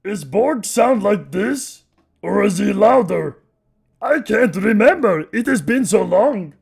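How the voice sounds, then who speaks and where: A man voicing a hulking, simple-minded male brute who speaks in broken, slow phrases with a Russian-tinged put-on accent. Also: high voice, expressive, pitched above the performer's own voice, heavily acted. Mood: testing. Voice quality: gravelly, raspy, broken speech. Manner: slow, loud, shouting. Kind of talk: dramatic story reading.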